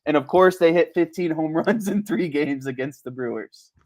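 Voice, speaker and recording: Man, co-host, casual sports chat, animated, laughs often, slightly high voice. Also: normal speed. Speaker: podcast co-host.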